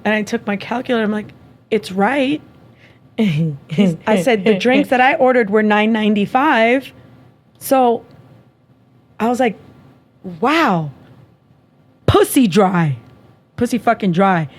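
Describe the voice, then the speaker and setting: A woman's voice: a little high, moderate pace, pauses often. A young woman hosting a podcast, casually chatting and telling a story, acting out both sides with frequent laughs. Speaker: podcast host. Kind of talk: casual chat.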